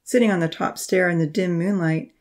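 A woman narrating a Christian children's storybook aloud in a steady, expressive reading. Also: fairly low pitch, brisk. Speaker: audiobook reader.

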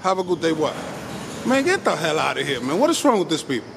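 A man loudly arguing with post office staff while filming them on a city street with a handheld camera. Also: a little high, sing-song, fast talker, gravelly, very noisy. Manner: loud, street slang, argumentative.

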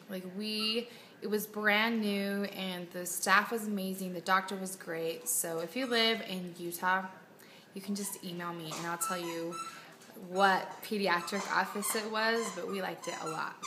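Soft-spoken young mom, chatty. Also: female voice, lowish voice. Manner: chatty, often soft and hushed. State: tired, unwell. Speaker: mom vlogger. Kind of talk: casual home vlog chat. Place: family home, basement playroom.

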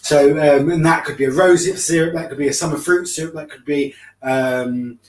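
A man, co-hosting a home cooking video, explaining in a relaxed, self-mocking way as he cooks. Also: a little high, normal speed, far from the mic, slight background noise. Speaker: cooking show co-host. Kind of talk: casual cooking demonstration. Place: home kitchen. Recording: roomy kitchen sound, away from the mic.

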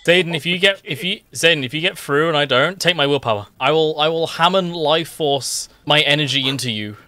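A man's voice: fairly high pitch, fairly quick, pushed and bright, dry recording. A man hosting a casual online gaming chat, joking around and hyping his team like a mock sportscaster. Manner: playful, mock-sportscaster hype. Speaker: streamer host.

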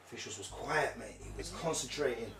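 A young man reacting loudly while playing a fighting game, yelping and bantering in slang. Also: mid-range voice, lively intonation, brisk, noisy background. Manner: yelps and slangy banter with the officials. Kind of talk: excitable live gameplay reactions. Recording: echoey room, off-mic, game music.

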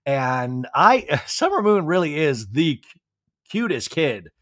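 A young man hosting a podcast, recapping a reality show in a chatty, sarcastic way. His voice sits fairly high for a man and sounds dry and close to the mic. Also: sing-song, takes it slowly, fairly bright tone, no echo. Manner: chatty, sarcastic, laughing asides. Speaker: podcast host. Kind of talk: comedic TV recap.

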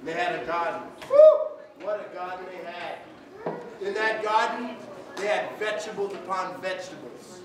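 A man's voice: high-pitched, moderate pace, background noise. A man telling a folk tale to schoolchildren, coaxing answers from them and drawing words out for suspense. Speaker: storyteller. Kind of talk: interactive storytelling for children. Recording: echoey school hall from far off. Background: children's audience.

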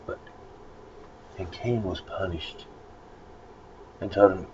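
Low-voiced guy teaching a bible lesson, slow and rambling, dull lo-fi recording with a little hiss. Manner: rambling, conversational, with many fillers and acted quotes. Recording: dull lo-fi recording with faint noise.

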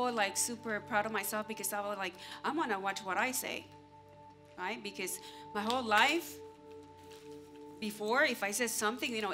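A woman pastor giving an animated sermon, acting out everyday scenes and talking straight to the congregation. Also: a little high. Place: church stage.

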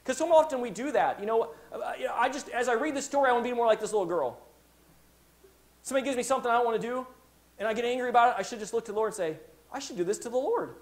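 A man's voice: extremely high pitch, very fast. A man preaching a sermon in a church, telling a Bible story and acting out its characters' words. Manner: animated preaching, acts out quoted voices. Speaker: pastor.

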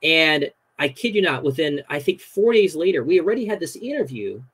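Husky man telling stories animatedly. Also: a little high, brisk, rough recording. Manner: animated retelling, many fillers like "you know". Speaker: podcast guest. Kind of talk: casual storytelling chat.

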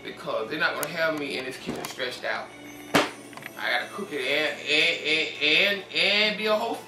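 A man whose voice sits a little high speaks at a normal speed over loud music. He's a tired home cook and channel host giving a casual kitchen demonstration at home, calling viewers "y'all" with folksy warmth. The recording is echoey and distant, with a noisy background.

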